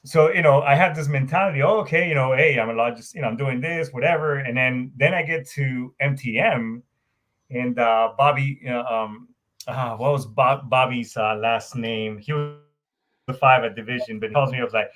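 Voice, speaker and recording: A man hosting a casual chat, telling stories in an animated, profane way with many fillers. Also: medium pitch, moderate pace. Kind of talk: casual conversation.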